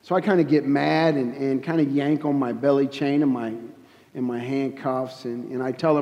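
A man giving a personal testimony at a church service, telling his story in an earnest, halting way with frequent restarts. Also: medium pitch, fairly even intonation, mellow, in a large hall, lo-fi sound. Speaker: guest speaker giving testimony.

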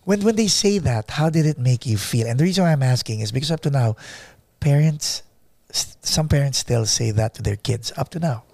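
Gravelly husky-voiced podcast host. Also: male voice, medium pitch, animated, brisk, a little mellow, dry recording. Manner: probing, follows up with questions. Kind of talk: interview hosting.

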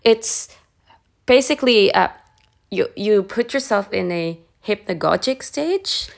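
A woman's voice: mid-range voice, expressive, slow, gravelly. A woman co-hosting a podcast, chatting casually and hesitantly, with many fillers. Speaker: podcast co-host. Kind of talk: casual chat.

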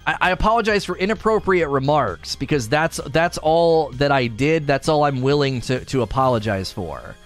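Ranting with hardly any pauses, a man on stream defends himself at a moderate pace in a fairly high, animated voice, saying things again and again in his indignation. Soft music plays underneath.

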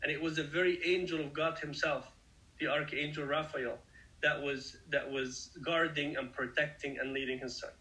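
A man's voice: fairly high pitch, fairly even intonation, normal speed, sharp tone, poor audio. A man giving a conversational Bible study sermon, explaining the passage earnestly and speaking straight to his listeners. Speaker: Bible teacher.

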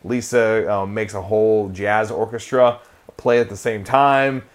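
A man's voice: on the low side, fairly even intonation, measured pace. Rambling, swearing young man. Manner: rambling, swearing often, laughing, many fillers and restarts. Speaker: podcast co-host recapping an episode. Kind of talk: casual chat.

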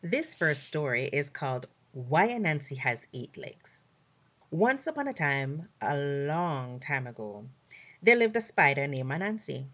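A woman narrates folktales in a low, slightly husky voice. Her delivery is animated and full of swoops in pitch. She draws words out for drama. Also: measured pace. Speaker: storyteller. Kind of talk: folktale storytelling.

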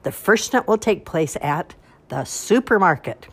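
A woman voicing a showy grand marshal in a storybook read-aloud, loud and theatrical, announcing the contest. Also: lowish voice, expressive, unhurried, husky, voice pushed up, full character voice.

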